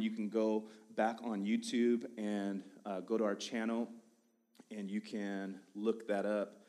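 A man's voice: fairly low pitch, a little mellow. A man in his thirties who is lead pastor, preaching in a church with casual, self-deprecating jokes and tangents. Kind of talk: sermon with casual storytelling. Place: church sanctuary.

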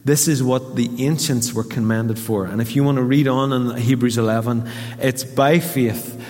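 A man's voice: mid-range voice, normal speed. A man with a Northern Irish accent, a pastor preaching a sermon and telling a story while acting out the voices in it. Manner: storytelling, animated quoting of voices. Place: church hall. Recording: reverberant church hall.

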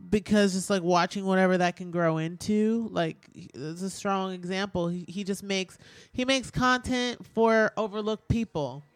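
A woman hosting a radio show, talking loosely and candidly with lots of "like" and frequent swearing. Her voice sits at an ordinary pitch for a woman. The studio sound is dry and close, with no room around it. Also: moderate pace, no room sound. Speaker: radio host. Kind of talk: casual radio chat.

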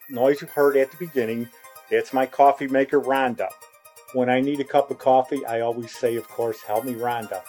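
Chatty mellow-voiced man in his sixties. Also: medium pitch. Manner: chatty, rambling, homespun. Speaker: podcast host. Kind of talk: casual podcast monologue.

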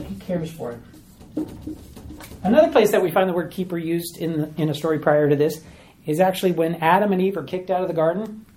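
A man's voice: sits high, dark tone, slight background noise. Man teaching scripture verse by verse. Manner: teacherly, asks questions and repeats key words for emphasis. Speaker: pastor. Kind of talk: expository Bible teaching.

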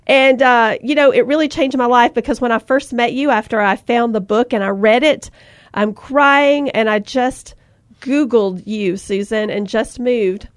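A woman's voice: a little high, measured pace, dry recording, studio quality. A woman hosting a faith-based podcast, chatting and speaking encouragement with emotion. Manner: warm, emotional, preaching encouragement. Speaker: podcast host.

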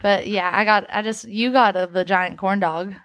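A woman co-hosting a relaxed podcast with her friends. Her pitch sits in the middle, and she rambles through her stories, leaning on "like" and "literally". The sound is dry and close. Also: normal speed, dry recording. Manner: rambling storyteller, says "like" and "literally" often. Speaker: podcast co-host. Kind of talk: casual chat among friends.

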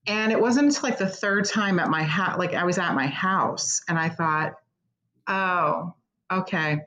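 Earnest middle-aged American woman, low voice. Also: normal speed, a bit bright, low-quality recording. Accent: American Midwest. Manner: candid, earnest, tearful at times. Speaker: executive director of a concert pavilion, guest. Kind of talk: emotional interview conversation.

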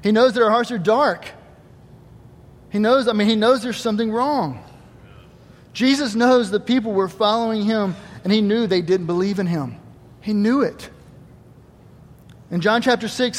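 A man with a high voice preaches in a church, animated, acting out the voices in his stories. His words ring with a long reverb through the big hall. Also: moderate pace. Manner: animated, acts out quoted voices, swings between loud emphasis and quiet asides. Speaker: pastor. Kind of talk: Easter sermon.

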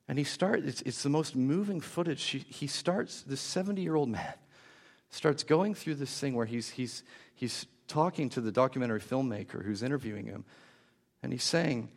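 A man preaching a sermon, telling a moving story with warmth and hushed, emotional moments. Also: mid-range voice, animated, moderate pace, vocal fry.

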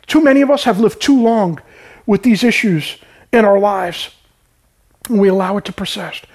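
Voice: medium pitch, moderate pace, a little mellow. A pastor preaching a sermon with urgency, repeating key lines and calling on the listeners to respond.

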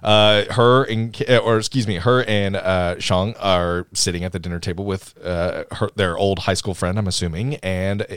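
This podcast co-host, a man with a deep, fairly bright, clean voice, talks at a moderate pace with little pitch movement and hardly any pauses in a casual movie review. He laughs a lot and acts out scenes, and the dry recording is studio quality.

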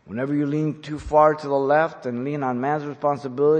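A man preaching an expository sermon as a pastor, emphatic and deliberate, slowing down on key phrases. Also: fairly high pitch, little pitch movement, muffled recording. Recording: long hall reverb.

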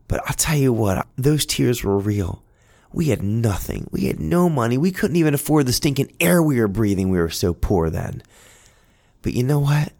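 A man's voice: mid-range voice, a little mellow. A man telling a personal story in an earnest, heartfelt, conversational way.

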